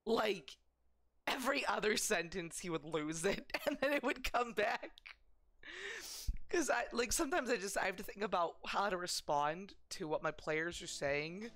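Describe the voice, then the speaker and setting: A woman's voice: medium pitch, expressive, normal speed, fairly bright tone. A woman streaming a game live, chatting casually and self-deprecatingly with lots of fillers and giggles.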